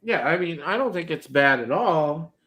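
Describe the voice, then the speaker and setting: A man's voice: fairly high pitch, normal speed. Laid-back man co-hosting a podcast. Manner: relaxed, filler-heavy, repeats words. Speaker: podcast co-host. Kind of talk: casual podcast discussion.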